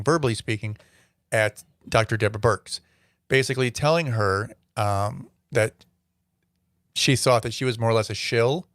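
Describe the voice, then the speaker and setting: A man's voice: mid-range voice, a bit bright, dry recording, clean studio sound. A man hosting a solo commentary show, giving opinionated, rambling takes with frequent fillers. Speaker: host.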